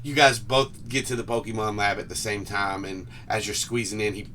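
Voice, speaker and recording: A man narrating a tabletop game as game master, relaxed and hesitant, recorded on a distant mic with faint noise. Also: lowish voice, moderate pace. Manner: laid-back, hesitant narration with fillers.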